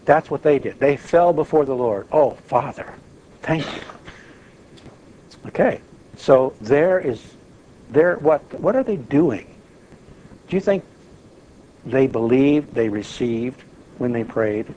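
A man leading an informal Bible study, lively and acting out prayers as he talks. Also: mid-range voice, a little slow, long pauses, dull audio, a little hiss or hum. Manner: animated, acts out prayers and quotes.

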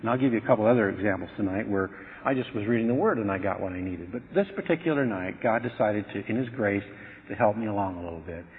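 A man's voice: lowish voice, slight background noise. A middle-aged man gives a sermon woven with personal testimony. His delivery is earnest and chatty, with frequent restarts. The sound is dull, like an old radio broadcast, and it rings with the long reverb of a big hall. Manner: earnest, conversational, halting with restarts. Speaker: preacher.

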